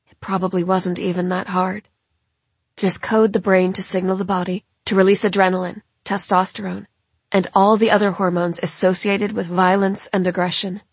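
Female audiobook narrator, husky and breathy, dry close sound. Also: on the low side, no echo. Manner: measured, dramatic storytelling. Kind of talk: first-person novel narration.

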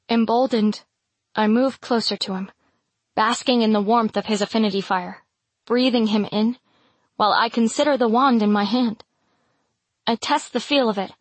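A woman's voice: on the high side, dry recording. Woman narrating a first-person romantic fantasy. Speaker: audiobook narrator.

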